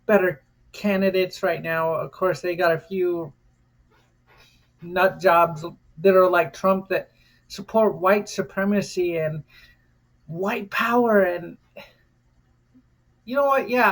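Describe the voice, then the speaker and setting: American woman, vlog rant, unhurried delivery, defiant, swears, repeats lines for emphasis. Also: mid-range voice. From United States. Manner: defiant, cursing freely. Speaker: vlogger.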